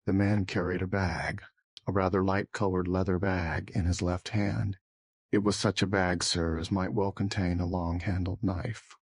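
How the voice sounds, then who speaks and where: A fussy, old-fashioned elderly witness with a quavering voice, as a male narrator puts him on. The tone sits low and a little husky. The reading is close and dry. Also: little pitch movement, normal speed, no room sound. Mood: earnest.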